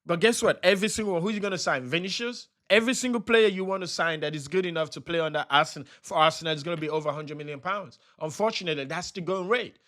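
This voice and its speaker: A man's voice: a little high, fast talker, hardly any pauses, fairly bright tone. A young man hosting a football channel, talking in an agitated, upset way in a fan reaction vlog, repeating himself and firing off rhetorical questions.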